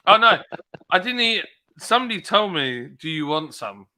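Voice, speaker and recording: A man telling stories on a relaxed live stream, his voice very bright and forward. He acts out moments with sudden shouts and laughs, talking loosely and animatedly. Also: sits high, normal speed. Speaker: streamer host. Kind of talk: casual chat.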